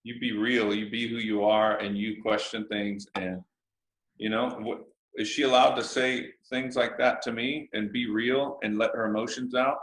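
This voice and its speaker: A man's voice: fairly low pitch, fairly even intonation, normal speed, fairly bright tone, echoey room, poor audio. A man talking as a guest over a video call, laid-back and rambling with lots of filler. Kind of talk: casual interview chat.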